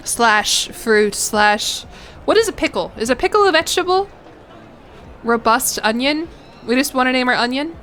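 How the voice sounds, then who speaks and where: A woman's voice: sits high, animated, moderate pace, a bit bright, a little hiss or hum. A woman streaming a strategy game, chatting casually, reacting, laughing and swearing as she plays. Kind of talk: casual gameplay commentary.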